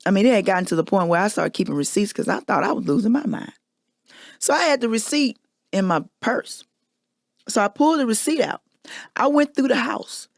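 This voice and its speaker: Woman host, candid confessional monologue, gravelly tone, dry close recording. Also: mid-range voice, animated, a little fast, dry recording. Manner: candid, emphatic storytelling. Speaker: podcast host.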